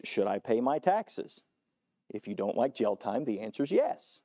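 A man preaching a sermon as pastor, earnest, climbing to emphatic high points and falling back low, often repeating and restarting words. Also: sing-song, moderate pace, dark tone. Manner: earnest, rising to emphatic peaks then dropping low.

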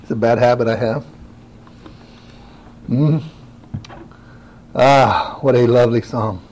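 A man preaching a sermon who talks directly to his congregation, moving from quiet asides to rising, emphatic exclamations. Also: mid-range voice, fairly even intonation, slow, low-quality recording.

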